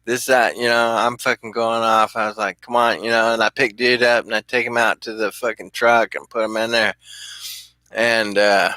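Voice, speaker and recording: Bright, profane man telling stories. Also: fairly low pitch, little pitch movement, moderate pace, no room sound. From California. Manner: profane, rambling, laughs often. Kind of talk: casual storytelling.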